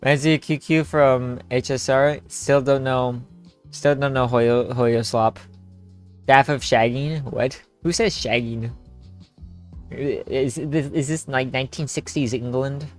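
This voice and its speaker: A man's voice: medium pitch, steady tone, slow. A young man streaming a story game with friends, joking, laughing and rambling in casual chat. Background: faint game music.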